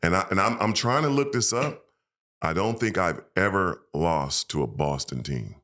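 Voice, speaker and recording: A man, a former pro basketball player, telling emotional, animated stories as a podcast guest and acting out quoted voices. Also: deep voice, moderate pace. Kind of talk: casual storytelling interview.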